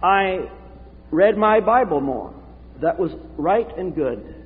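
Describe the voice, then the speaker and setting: Male pastor, slow earnest sermon delivery, animated pitch, tinny hall recording. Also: faint music behind. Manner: earnest, confessional, preaching with dramatic pauses. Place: church sanctuary.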